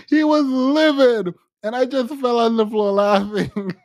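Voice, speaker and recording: A man's voice: extremely high pitch, expressive, slow, long pauses, darkish tone, no room sound, clean studio sound. A man co-hosting a podcast, mocking a clip in casual commentary and laughing often. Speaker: podcast co-host.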